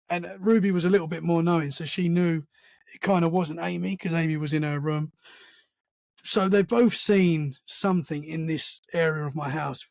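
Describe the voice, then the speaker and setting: A man, a podcast guest, telling a story in casual conversation, animated and full of restarts. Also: sits high, creaky, no echo. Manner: animated storyteller, acts out sounds and quotes; many restarts and "man" fillers.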